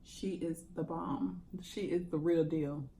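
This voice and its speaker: A woman's voice: low-pitched, steady tone, takes it slowly, gravelly, warm tone, slight background noise. A woman hosting a mukbang, chatting casually and laughing while she eats. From Jacksonville, Florida. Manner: chatty, laughs often, talks while eating. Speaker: mukbang channel host. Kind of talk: casual eating chat to camera.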